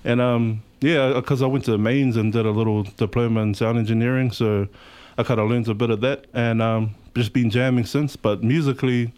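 A man in his thirties with a New Zealand accent, a rapper chatting as a guest in a radio studio, relaxed and rambling with lots of fillers. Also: medium pitch, moderate pace, clear, resonant tone. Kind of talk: casual interview chat.

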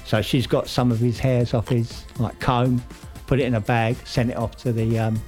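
A man's voice: mid-range voice, little pitch movement, moderate pace, darkish tone, faint music behind. A man casually recapping a soap plot, rambling with lots of fillers and restarts. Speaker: podcast co-host recapping a soap. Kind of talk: casual chat, storytelling recap.

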